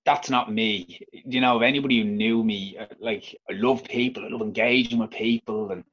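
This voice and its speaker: A man with a Dublin Irish accent speaks in a lowish voice, frank and unpolished, stumbling over restarts and fillers as he tells his own story in an interview. The recording sounds dull and lo-fi. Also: steady tone, moderate pace, a bit bright, husky. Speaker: interview guest. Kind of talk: candid personal storytelling.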